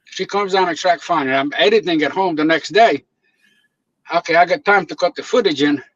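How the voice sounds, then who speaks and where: Man, casual storyteller, animated, slightly high voice, lo-fi dry recording. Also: fairly quick, dry recording. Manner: animated storyteller, acts out quotes, laughs often. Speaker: guest videographer. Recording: dull lo-fi dry sound.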